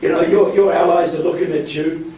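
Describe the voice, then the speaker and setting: A guest speaker from New Zealand, speaking with that accent and suffering a cold, rallies the county board meeting room with a joking political speech, frequently addressing "folks." His voice is a little high, steady, warm and fairly quick; the recording is echoey, from a distant mic, with a little hiss or hum.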